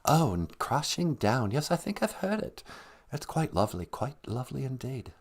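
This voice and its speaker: A man putting on a dead male English rock star's ghost with an English accent, speaking in a soft, formal, courtly way. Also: medium pitch, sing-song, normal speed.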